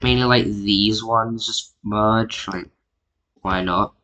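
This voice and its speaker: Bright-voiced rambling map narrator. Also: medium pitch, steady tone, takes it slowly. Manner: rambling and self-mocking, with many "like" fillers. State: tired. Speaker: mapping YouTuber narrating an alternate history. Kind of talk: casual screen-recorded commentary.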